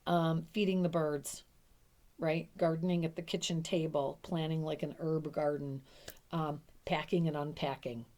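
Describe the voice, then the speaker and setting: Casting: middle-aged woman, low voice, chatty caregiver coach who loves to act out quick examples. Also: fairly even intonation, a little mellow. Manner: chatty, emphatic, acts out little quoted lines. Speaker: dementia care coach. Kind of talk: casual teaching to camera.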